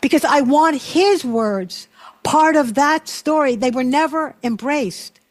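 A woman's voice: high voice, slow pace. A woman hosting an interview who talks in an earnest, emotional way and repeats her words. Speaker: interview host. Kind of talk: conversational interview.

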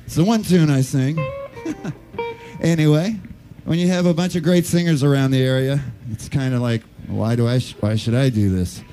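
A male bandleader chats from a live stage in a relaxed, rambling way. His voice is warm and mellow, and faint music sits behind him. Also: mid-range voice, moderate pace. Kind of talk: casual stage banter.

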